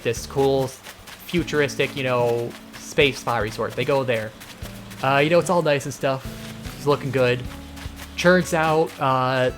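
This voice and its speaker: A man hosting a game playthrough, talking casually with lots of filler words and slipping into exasperated rants. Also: mid-range voice. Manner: rambling, full of filler words; exasperated ranting. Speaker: let's play host. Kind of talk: casual gameplay commentary.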